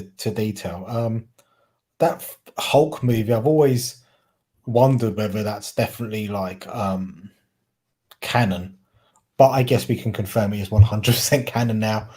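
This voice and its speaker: A man's voice: on the low side, normal speed, warm tone, slightly rough. A man with a Cockney accent, co-hosting a casual chat and often stopping to correct himself mid-sentence. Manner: rambling, self-correcting, often trips over words. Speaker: podcast co-host.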